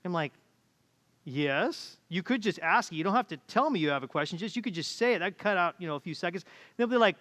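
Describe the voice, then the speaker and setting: Preaching very fast and with lots of animation, a middle-aged pastor gives a conversational sermon in his high, fairly bright voice, performing the quoted voices himself. It was recorded in a church auditorium and carries church hall reverb.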